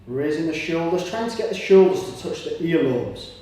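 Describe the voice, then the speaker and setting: A man's voice: a little high, lively intonation, moderate pace, dark tone. Man coaching a somatic exercise, echoey. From Britain. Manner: encouraging, breathing audibly between cues. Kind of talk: guided exercise instruction. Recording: echoey room, voice from far off.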